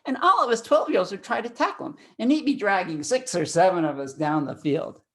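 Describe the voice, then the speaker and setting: A man in his sixties giving a storytelling speech at a speaking club, animated, swinging from loud excitement to hushed tones. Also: high-pitched, a little fast.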